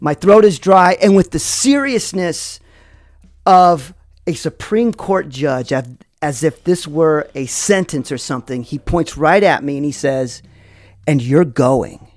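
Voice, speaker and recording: A man telling a personal story in a slow, dramatic way, full of fillers. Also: fairly high pitch, expressive, dry recording. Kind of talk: first-person spoken storytelling.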